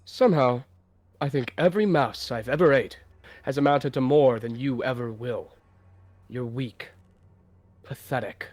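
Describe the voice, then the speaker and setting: A man voicing a cold, contemptuous adult tom cat who lurks in a dark dream forest, speaking with quiet menace. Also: mid-range voice, normal speed, dry recording, natural voice. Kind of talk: online role-play voice acting.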